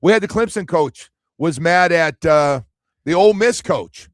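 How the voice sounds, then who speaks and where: A man's voice: a little high, a little slow, dry recording, studio quality. A man hosting a sports radio show, talking casually and animatedly, acting out quotes as he tells stories. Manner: animated storytelling, acts out quotes.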